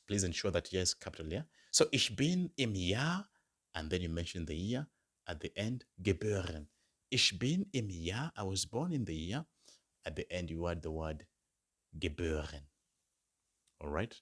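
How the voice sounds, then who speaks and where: Male German tutor, a deep and deliberate teacher who drills phrases slowly and patiently. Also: sing-song, fairly bright tone. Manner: repeats each German phrase slowly, then translates it into English. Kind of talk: slow, repeated language lesson.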